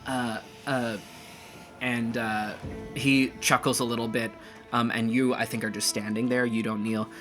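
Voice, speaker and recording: A man narrating as game master of a tabletop game, talking in a lively way with many fillers. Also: medium pitch, a little slow, music in the background.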